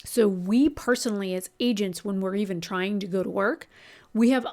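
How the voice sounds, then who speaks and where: A woman's voice: mid-range voice, moderate pace, darkish tone. A woman who works as a customer service agent, chatting candidly in a storytelling vlog and swearing now and then.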